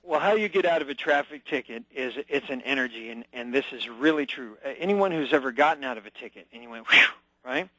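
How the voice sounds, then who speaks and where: A man's voice: medium pitch, expressive, fast, pushed and bright, no echo, low-quality recording. A man as a radio show guest, talking with energy and emphasis, acting out short scenes as he explains. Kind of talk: phone-in radio interview.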